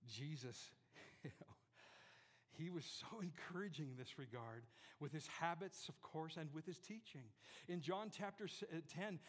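A man preaching a sermon to a congregation, animated, swinging from loud to hushed and joking with the listeners. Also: fairly high pitch, big-room sound. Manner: jokes with the congregation. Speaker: pastor. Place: church before a congregation.

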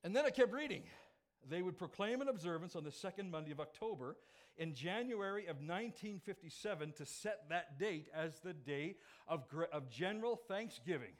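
A man preaching a sermon as pastor, lively and joking, with sudden loud emphatic phrases. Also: fairly high pitch.

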